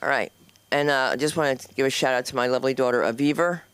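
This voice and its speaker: A woman's voice: very deep voice, fast talker, heavy background noise. A woman hosting an open mic at a comedy club, doing brash, chatty stand-up and teasing the audience. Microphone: handheld microphone.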